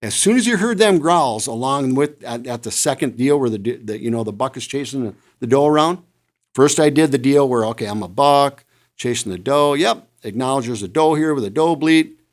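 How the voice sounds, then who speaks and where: A man on a podcast telling a hunting story in casual talk, animated and imitating deer calls now and then. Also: medium pitch, a little fast. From Midwest United States. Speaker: podcast co-host, hunter.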